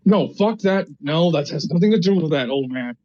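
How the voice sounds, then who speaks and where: A man's voice: a little high, lively intonation, moderate pace, dark tone, no room sound, lightly acted. A man voicing his brash, cursing young adventurer character in a tabletop role-play. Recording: dull, dry mic.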